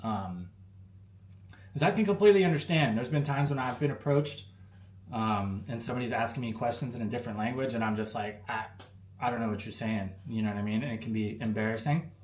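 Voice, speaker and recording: A man's voice: medium pitch, fast. An American man hosting a live stream, answering chat questions in a laid-back, rambling way full of fillers. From United States. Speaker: livestream host answering chat. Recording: roomy with faint ambience.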